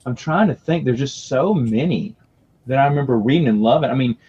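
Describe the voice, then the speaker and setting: A man chatting casually as a podcast guest, telling lively stories and laughing often. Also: medium pitch, brisk, slightly rough. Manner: lively storytelling with frequent laughs. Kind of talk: casual chat. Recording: muffled lo-fi audio.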